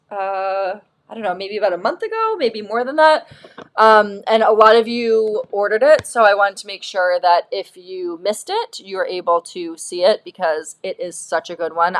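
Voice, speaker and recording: A woman in her thirties hosting a live shopping stream, telling stories in a casual, animated way with lots of fillers. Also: mid-range voice. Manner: animated storyteller, acts out quotes, lots of "like" and "um". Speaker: host of a live shopping show.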